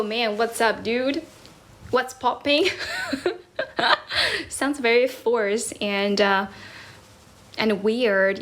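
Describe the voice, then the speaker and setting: Here a livestream host from China teaches English in a relaxed way, responding to viewer comments. She's young, with a Chinese accent and a slightly high, slightly bright voice, often laughing and self-correcting as she moves between Mandarin and English.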